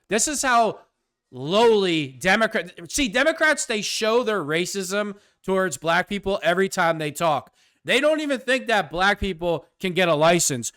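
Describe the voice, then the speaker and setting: A man's voice: high-pitched, expressive, moderate pace, a bit bright, no room sound, clean studio sound. A man hosting his own show, delivering a sarcastic, combative political commentary rant. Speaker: host.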